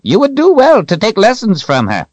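A man narrating a story voices a playful, teasing old male wizard in a high, slow, drawn-out voice. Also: wildly swooping pitch, a little mellow, no echo.

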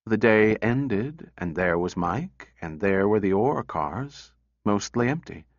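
A man voicing a dutiful, ashamed male mining robot in a quiet, low, subdued manner for an audiobook. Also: lively intonation, slow, no echo, lo-fi sound. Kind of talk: audiobook character reading.

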